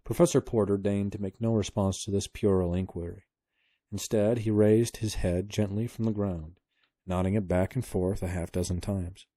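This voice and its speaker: A man reading a book aloud to his kids, telling the story at a steady pace. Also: lowish voice, normal speed, no echo, clean studio sound.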